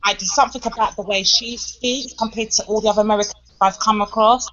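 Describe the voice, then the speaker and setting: Frank British woman, bright lo-fi audio. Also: mid-range voice, fairly even intonation, fast. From Britain. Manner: frank and emphatic, swears casually. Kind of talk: casual chat. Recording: dull lo-fi audio with faint noise.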